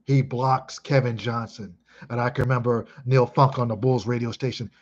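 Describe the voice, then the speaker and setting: A man in his thirties from Chicago talks through an old memory, emphatic and full of swearing. His voice sits at a medium pitch. The recording sounds dull and lo-fi. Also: moderate pace. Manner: excitable, emphatic, heavy swearing. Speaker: vlogger. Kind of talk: casual reminiscing monologue.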